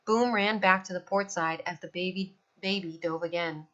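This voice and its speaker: Bright-voiced woman reading a novel aloud. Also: fairly low pitch, normal speed, lo-fi sound. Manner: expressive read-aloud. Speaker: storyteller.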